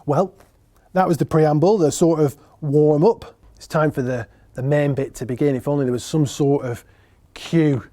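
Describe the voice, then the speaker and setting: A man delivers a solo theatre monologue with a wry, sardonic edge, talking straight to his audience. His voice sits fairly high but sounds mellow and warm. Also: steady tone, normal speed. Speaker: writer and performer.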